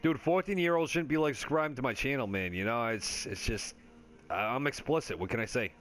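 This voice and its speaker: A man's voice: mid-range voice, fairly quick, a bit bright. A man giving casual, rambling commentary over his gameplay, joking and swearing freely with lots of fillers. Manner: laid-back stoner chatter with frequent fillers. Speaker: gaming video creator.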